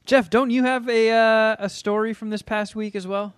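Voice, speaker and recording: A young man co-hosts a podcast and trades casual banter, teasing his friend and laughing a lot. His voice is notably high for a man. The sound is dry and close. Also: steady tone, normal speed, clear, resonant tone, dry recording. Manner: teasing, laughs a lot, mocking put-on quotes. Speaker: podcast co-host.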